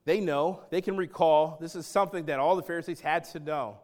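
A man preaching a sermon as pastor, emphatic and dramatic, swinging between loud stretches and hushed ones and talking straight to his congregation. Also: a little high, fairly even intonation, brisk. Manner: acts out quoted speech and addresses the congregation directly.

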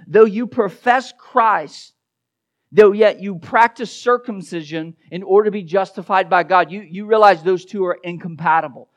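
A man preaching an expository sermon, emphatic, often repeating words as he builds a point and dropping to a hushed low voice for the key verses. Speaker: pastor.

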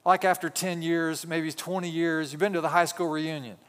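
A man preaches a sermon from the pulpit, his voice sitting a little high. He tells his stories in a conversational way and often turns to the congregation with asides and questions. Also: fairly even intonation, moderate pace, a bit bright, smooth. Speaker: pastor.

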